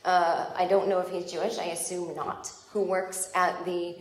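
A woman performing a stand-up comedy set, chatty and exasperated, with quick asides. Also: fairly low pitch, little pitch movement, a little hiss or hum. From United States. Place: comedy show venue. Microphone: phone in the audience. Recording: echoey club taped on a phone.

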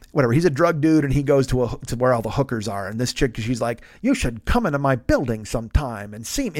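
A man in his fifties, a podcast host, telling a long story in an animated, profane, self-mocking way. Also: mid-range voice, dry recording, studio quality. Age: 50s. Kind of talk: storytelling monologue.

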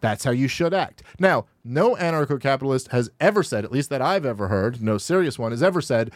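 A man hosting a podcast from a studio, pausing a video to argue against it. He sounds exasperated and his voice climbs high whenever he pushes back. The sound is dry and close, with almost no room around it. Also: animated, no room sound. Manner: exasperated, rising sharply in pitch when rebutting. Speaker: podcast host reacting to a video. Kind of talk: argumentative commentary on a played clip.

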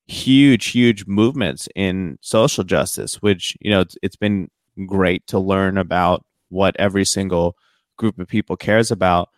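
A man co-hosting a relaxed podcast conversation in a fairly low voice. He reasons things through earnestly, leaning on casual fillers. The recording is dry and close. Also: dry recording. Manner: reflective, earnest, uses fillers like "you know". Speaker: podcast co-host. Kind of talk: casual chat.

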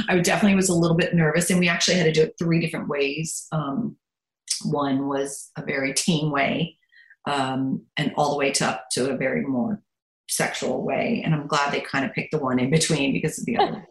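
A middle-aged actress chatting as a podcast guest, animated and quick to laugh, turning soft and quiet when she talks about her children. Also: sits low, reverberant, rough recording. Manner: animated, laughs a lot, swings between giddy and soft. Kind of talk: casual interview chat.

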